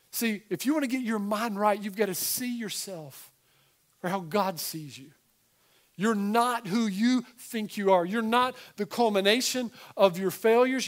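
A man in middle age delivering a sermon with animated emphasis, stopping for casual asides to the people in front of him. His voice sits high for a man. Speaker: pastor.

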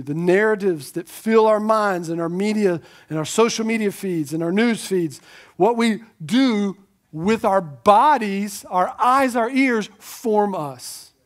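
A man's voice: sits high, measured pace. Man, pastor, sermon, emphatic, rhetorical questions, repeats key lines, casual asides. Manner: conversational asides to the congregation.

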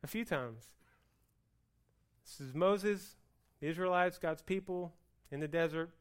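A man preaching a sermon with lively swings between loud outbursts and hushed, slow passages, acting out the people's complaints. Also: a little high, clean tone. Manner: plays out the people's complaints in a whiny voice. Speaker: pastor.

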